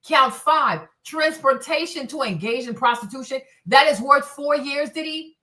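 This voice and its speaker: Woman host, heated streaming rant, high bright voice, lots of swearing and repetition. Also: moderate pace. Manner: indignant, swears a lot, repeats phrases. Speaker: host of a streaming commentary show. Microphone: streaming setup mic.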